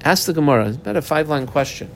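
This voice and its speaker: A man teaching a Talmud class in a slightly raised voice. He reads the text aloud, then explains each line with a lot of rise and fall. A faint rumble sits under the recording. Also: lively intonation, racing, creaky.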